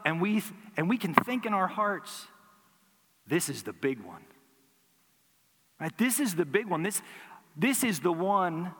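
A man's voice: sits high, fairly bright tone. A man preaching a sermon as pastor, earnest and building emphasis through repeated phrases. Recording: hall reverb.

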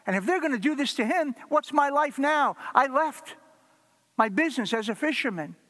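A man's voice: very high voice, expressive, normal speed, sharp tone, big-room sound, voice pushed up, exaggerated voice. A man acting out a frightened male fisherman disciple, pleading and overwrought. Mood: anguished.

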